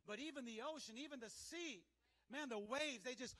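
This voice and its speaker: Energetic high-voiced male preacher. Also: a little fast. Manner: energetic, call-and-response with congregation. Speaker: pastor. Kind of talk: sermon.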